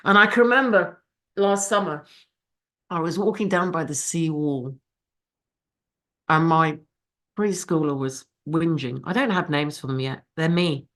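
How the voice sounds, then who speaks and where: A middle-aged woman with a lowish voice tells her recovery story at a fellowship meeting. She is candid and emotional and swears freely. She speaks over a video call. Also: unhurried, long pauses, fairly bright tone. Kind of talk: personal recovery share.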